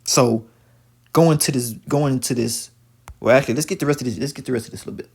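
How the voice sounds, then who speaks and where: A man's voice: medium pitch, quick pace, vocal fry, very noisy. A man giving profane, preachy religious commentary while reacting to a video, talking emphatically with many stammered restarts.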